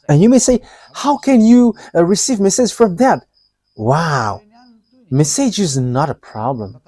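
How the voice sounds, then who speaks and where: A man preaching a live sermon in careful second-language English, halting with many fillers and restarts and breaking into short laughs. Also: on the high side, very animated, dark tone, husky, no room sound.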